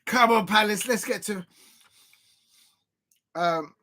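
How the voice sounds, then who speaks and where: A man hosting a live football fan channel, reacting excitably as he swings between joking asides and despairing outbursts. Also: sits high, takes it slowly. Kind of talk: live watch-along reaction.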